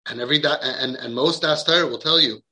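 A man's voice: mid-range voice, fast talker, bright, forceful tone. A man coaching parents in an impassioned podcast talk, emphatic and repeating words for stress.

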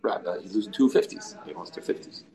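A man leads an informal Talmud study class, thinking aloud and answering students while mixing Hebrew and Aramaic terms into his English. His low voice is warm and fast.

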